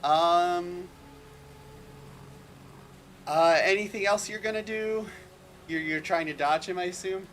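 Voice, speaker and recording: A man's voice: high voice, slow, long pauses, a bit bright, slight background noise, poor audio. A man running a tabletop game as game master, stammering and repeating words as he narrates.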